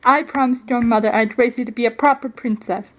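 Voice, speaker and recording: A strict, proper royal aunt who scolds sternly, voiced by a woman in a homemade doll storybook. Her voice stays high despite the sternness. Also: fairly even intonation, brisk, lightly acted, poor audio. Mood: scolding. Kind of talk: storybook doll play reading.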